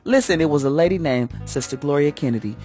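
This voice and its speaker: A woman's voice: low-pitched, lively intonation, quick pace, warm tone, faint music behind. A woman hosting a morning radio segment, talking like a preacher in a fervent, folksy way with a church first lady's conviction. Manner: fervent, folksy, swoops up and down for emphasis.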